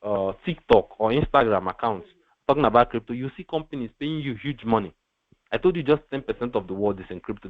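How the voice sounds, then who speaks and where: A man teaching a live webinar, often pausing to ask his class rhetorical fill-in questions. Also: medium pitch. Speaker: webinar instructor. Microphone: online call mic. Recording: tinny phone-like line with faint noise.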